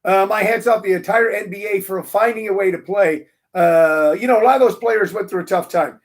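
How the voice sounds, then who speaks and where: Fired-up, high-voiced man ranting. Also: fairly quick. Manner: animated, emphatic, ranting with playful jabs. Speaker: show host. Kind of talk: casual monologue.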